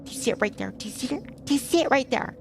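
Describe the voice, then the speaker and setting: A woman's voice: sits high, animated, fast talker, creaky, background noise. A woman streaming a game, chatting casually and playfully, reacting aloud to what happens on screen.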